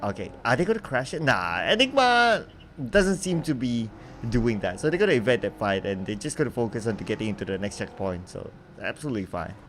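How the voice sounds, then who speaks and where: A man casting a mobile esports match live, in a relaxed, chatty way and laughing easily. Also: fairly low pitch, a little fast. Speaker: esports caster. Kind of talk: live game commentary. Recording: faint background noise.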